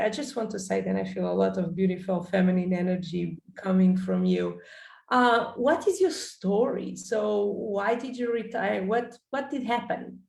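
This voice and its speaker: A woman's voice: medium pitch, vocal fry, a little mellow, roomy sound, slight background noise. A woman hosting a podcast interview, welcoming her guest in an encouraging, effusive way. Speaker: podcast host.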